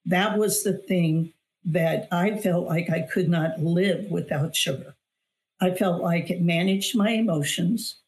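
On an interview show, a middle-aged woman who is an author and weight loss coach recounts her testimony in a low, unhurried, slightly mellow voice. She's earnest and emphatic, often circling back to repeat phrases for effect.

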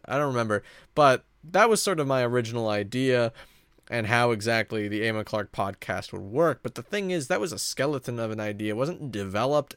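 Rambling man, smooth clear voice. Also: medium pitch, a bit bright, dry recording, studio quality. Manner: rambling, many fillers and self-corrections. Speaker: podcast host. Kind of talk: casual solo monologue.

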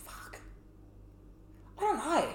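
A man's voice: takes it slowly, slight background noise. A man co-hosting a podcast, joking crudely in casual banter and laughing often. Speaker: podcast co-host. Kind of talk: casual chat. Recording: roomy echoey room.

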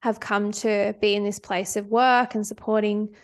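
A woman's voice: mid-range voice, flat delivery, moderate pace. A woman on a podcast speaking earnestly and reflectively in casual conversation, with some fillers.

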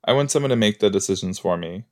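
This man hosts a podcast and talks fast in a lowish, lively voice. Watching an episode, he reacts casually with jokes, chatting away and filling pauses in his thinking with fillers.

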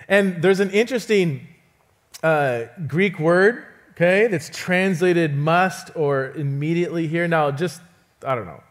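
In a church auditorium, a man invited to preach speaks slowly into a stage mic. His voice sits on the high side for a man, and he animates his sermon stories by performing the quoted lines and chuckling frequently.

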